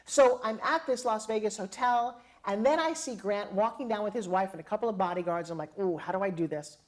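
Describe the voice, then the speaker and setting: A middle-aged woman telling a personal story, dramatic and expressive, acting out the voices of the people in it. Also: mid-range voice, a little fast. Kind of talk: animated storytelling.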